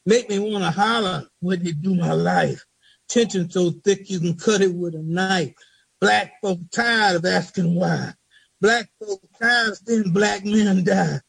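A man reading a spoken word poem he wrote, in a slow rhythmic delivery with repeated refrains. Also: sits high, vocal fry, breathy edge, no room sound, low-quality recording. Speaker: poet reading his own poem.

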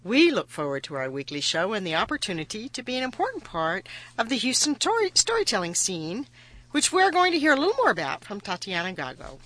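A woman's voice: medium pitch, huge pitch swings, brisk, fairly bright tone, no room sound. A woman hosting a live radio show, teasing her guest and laughing easily. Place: radio studio.

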